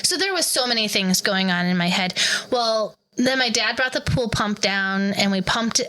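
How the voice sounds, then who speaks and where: A woman's voice: mid-range voice, expressive, normal speed, bright, forceful tone, poor audio. A woman in her thirties, a podcast co-host, animatedly retelling a story in casual chat and acting out the quoted voices.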